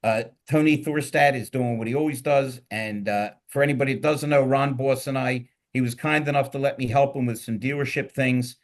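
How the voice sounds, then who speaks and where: Middle-aged male host, Philly accent, rambling and jokey, energetic panel banter. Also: medium pitch, brisk, few pauses. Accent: Philadelphia. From Philadelphia. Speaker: podcast host. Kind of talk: casual panel talk.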